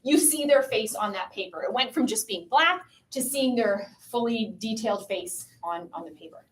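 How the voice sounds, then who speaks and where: A woman from Canada giving a lecture to a student audience, chatty and lively, often asking the listeners questions. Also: on the high side, moderate pace. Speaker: pro-life speaker. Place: room with a piano and a live audience.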